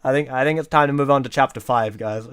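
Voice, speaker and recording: A man's voice: mid-range voice, quick pace, a bit bright, clear, resonant tone. A young man on a live stream, reading an AI-written story aloud in a playful, giggly, melodramatic way.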